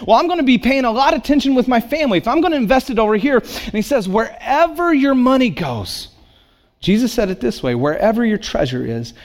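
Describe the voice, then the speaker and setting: A man's voice: extremely high pitch, expressive, fast, hardly any pauses. A man preaching a sermon as a pastor, in a conversational storytelling way.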